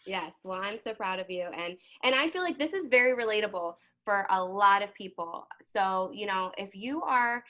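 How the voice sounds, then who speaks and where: A woman's voice: mid-range voice, expressive, normal speed, hardly any pauses, bright, forceful tone. Effusive woman host on a call. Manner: effusive, emotional, many fillers. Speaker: host and team coach. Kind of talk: casual talk on a team video call. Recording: dull lo-fi call audio.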